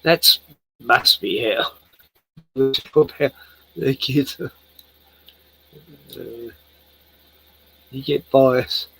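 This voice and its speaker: An older Australian man hosts a casual livestream, tipsy from a few beers, rambling and swearing freely. His gravelly, medium-pitched voice moves very slowly with long pauses, and the recording quality is low.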